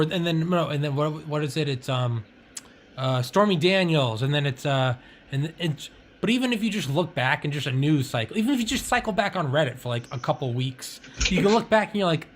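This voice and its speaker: A man's voice: a little high, fairly bright tone, slight background noise. A man rambling in casual chat, swearing freely and leaning on "like" and "you know.".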